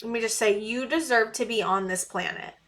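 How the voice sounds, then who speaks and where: Woman tarot reader, fairly high and bright, earnest and pleading, repeats herself, lots of fillers. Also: a little fast. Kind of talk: casual tarot reading to camera.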